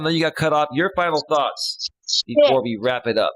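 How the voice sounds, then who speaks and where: A man's voice: fairly high pitch, huge pitch swings, moderate pace, a bit bright, dry recording, low-quality recording. A man hosting a casual live stream as a life coach, chatting, reading viewer comments aloud and giving relationship advice into a studio microphone.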